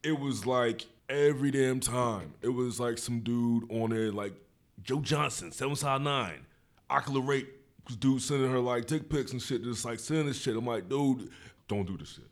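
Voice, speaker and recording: A man's voice: mid-range voice, moderate pace. A man hosting a podcast in casual chat, slangy and laid-back, throwing in hype interjections. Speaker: podcast host.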